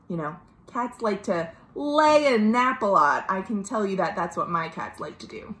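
Children's librarian woman at home, slow, lively storytime read-aloud, roomy sound. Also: fairly high pitch, slight background noise. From United States. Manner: animated storytime voice, gasps and asks questions. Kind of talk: reading a picture book aloud to children.

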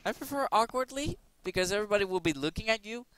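Playing a quiz game on his channel, a young gaming host offers casual, rambling, joking commentary with the odd silly voice. He sounds high-pitched, animated and fast, with a fairly bright, clear and resonant tone.

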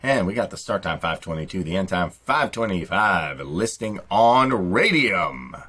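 A man with a low, slightly husky voice narrates a promotional pitch. He keeps the delivery upbeat and salesy, like a channel host hyping a product. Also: expressive, measured pace, bright, forceful tone.

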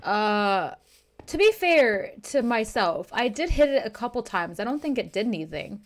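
A woman's voice: fairly high pitch, very animated, normal speed. A young woman streaming a game, talking in a rambling, flustered way and swearing freely as she plays. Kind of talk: live-streamed game commentary.

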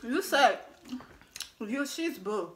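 A young woman filming a casual eating-challenge vlog, complaining loudly and laughing about the burning heat. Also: fairly high pitch, expressive, slow pace, slight background noise. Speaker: vlogger.

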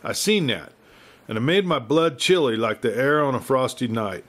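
A man's voice: medium pitch, animated, moderate pace, fairly bright tone. A man reading the part of a frail, weary old cattleman who pleads in a feeble, rustic western drawl. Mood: pleading.

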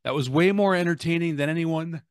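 A young man giving an energetic, self-mocking casual recap of a hockey game as a vlogger. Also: a little high, fairly quick, clear, resonant tone, no room sound, clean studio sound.

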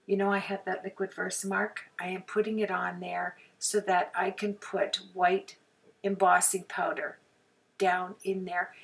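Hoarse woman narrating a craft video. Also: on the low side, level tone, a little slow, distant mic. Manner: chatty, frequent throat clearing and apologies. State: hoarse, sore throat. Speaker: card-making crafter. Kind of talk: casual crafting tutorial voice-over.

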